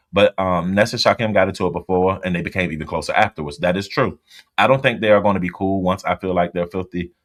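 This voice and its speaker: Deep-voiced man chatting live. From US East Coast. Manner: chatty, blunt, reacts to the chat out loud. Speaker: livestream host. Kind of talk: casual livestream chat reading viewer comments.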